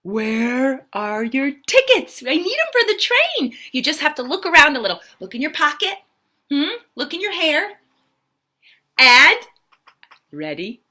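A woman's voice: high-pitched, huge pitch swings, unhurried, pushed and bright. A woman hosting a live-stream story time for preschoolers, with a sing-song, exaggerated way of talking to small children. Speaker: children's entertainer host.

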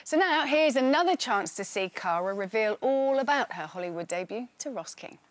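A woman's voice: on the high side, expressive, moderate pace, background noise. A woman presenter reading a scripted introduction on a TV show. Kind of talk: scripted link.

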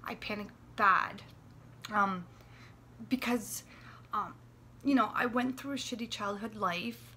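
Late-20s woman vlogging, dry throat, shaky and halting, keeps dropping to whispers, bright voice. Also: a little high, slight background noise. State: dry throat, anxious and close to tears. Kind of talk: personal vlog confession. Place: warm apartment room.

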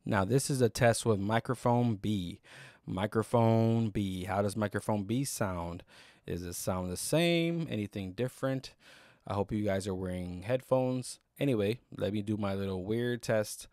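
A man's voice: on the low side, moderate pace, a little mellow, no room sound, clean studio sound. A man casually reviewing microphones on camera, rambling with fillers and restarts. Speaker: YouTube gear reviewer. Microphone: close studio microphone.

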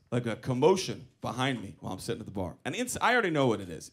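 A man doing live stand-up comedy on a club stage, telling an animated story with running callbacks. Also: mid-range voice, background noise. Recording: live club recording with audience laughter.

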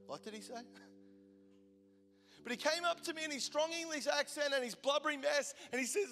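A pastor in his forties delivers a sermon in a high, bright, forceful voice, speaking briskly with long pauses. His passionate storytelling swings from loud, fervent bursts to near-whispered lines. Long reverb fills the large hall, and soft instrumental music plays beneath him.

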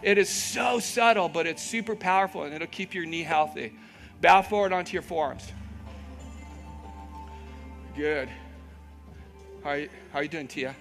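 A man's voice: a little high, moderate pace, creaky, pauses often, fairly bright tone, faint music behind. A man teaching a live yoga class, giving encouraging cues, checking in with "okay?", and making playful asides.

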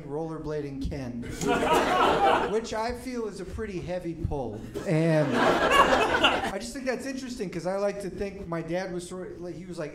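Stand-up comic, fairly high male voice, loose conversational delivery, loud background noise. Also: roomy sound. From Atlanta suburbs, US South. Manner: casual, conversational, loose asides. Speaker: stand-up comedian. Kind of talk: stand-up comedy set. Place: comedy club.

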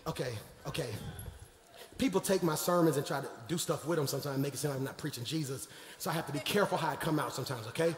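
A man preaching a live sermon as pastor in a large church sanctuary, joking with the congregation and swinging from low asides to shouted, emphatic preaching. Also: noisy background. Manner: playful, jokes with the congregation. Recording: echoey hall with long reverb.

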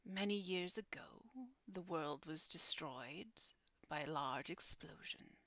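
A woman voicing a solemn female dragon guardian in a hushed, breathy whispered role-play. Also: low voice, takes it slowly, dry recording, exaggerated voice.

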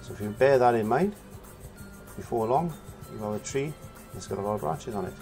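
A man's voice: mid-range voice, lively intonation, fairly quick, warm tone, soft background music. A man giving a casual painting lesson, chatting as he works and humming nonsense syllables while he paints. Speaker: painting teacher.

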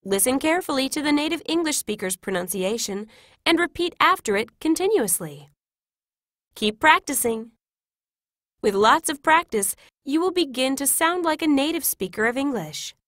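A woman reading example classroom phrases in a clear, careful, instructive way. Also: sits high, animated, normal speed, a bit bright, dry recording, clean studio sound. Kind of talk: scripted reading of example sentences.

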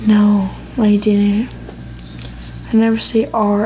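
A woman with a fairly high voice chats through a game recording at an unhurried pace. She rambles, talks to herself and speaks bluntly, and a faint hiss sits under her voice. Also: poor audio. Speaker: gaming YouTuber. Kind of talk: casual gameplay commentary.

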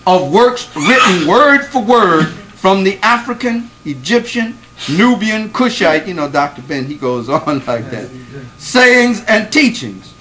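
Man, lecturer, fairly high voice, very lively pitch, emphatic, quizzes the room. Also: unhurried, a crowd in the background, low-quality recording. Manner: emphatic, asks the audience questions and repeats for stress. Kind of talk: classroom lecture to a live audience.

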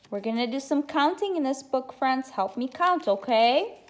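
A woman's voice: high-pitched, animated, normal speed. A woman teacher reading a picture book aloud to children, encouraging them to count along with her. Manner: encouraging, addresses listeners as friends.

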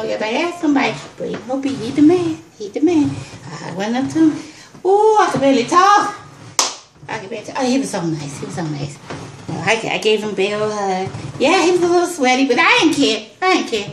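A woman vlogger telling an excited personal story, exclaiming, repeating herself and calling her viewers y'all. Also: on the high side, roomy sound, slight background noise.

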